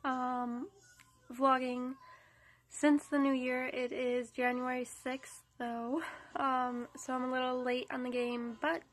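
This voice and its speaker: Stuffy-nosed young mom rambling at home, high voice, pretty flat, slow. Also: female voice. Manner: chatty, rambling. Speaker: mom vlogger. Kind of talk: casual home vlog. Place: at home indoors.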